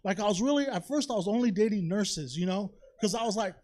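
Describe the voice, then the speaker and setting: A man's voice: high-pitched, animated, fast, a little mellow. A man doing a chatty, confessional stand-up set on a comedy theater stage, tossing in "you know?" and "right?" all the time.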